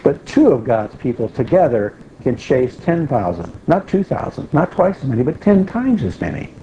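A man's voice: medium pitch, very animated, moderate pace, warm tone. A man giving a conversational Bible teaching, explaining patiently and repeating key phrases for emphasis. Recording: dull lo-fi recording with faint hiss.

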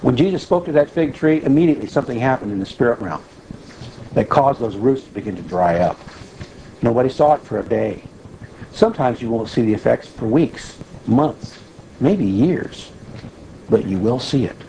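A man delivers a sermon in a conversational teaching manner, often pausing to check in with his listeners. His voice sits in a middle pitch with a warm, mellow tone. A faint background noise runs underneath. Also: lively intonation, low-quality recording. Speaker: preacher.

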